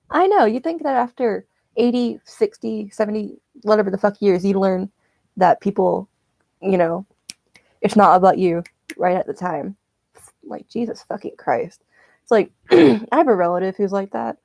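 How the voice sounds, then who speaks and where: A woman chats casually as she knits, ranting and swearing freely. Her voice sounds mellow and dark. It is recorded dry and close, with no room sound. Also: mid-range voice, normal speed, gravelly, no room sound. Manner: profane, ranting storyteller. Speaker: streamer. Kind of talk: casual chat while knitting.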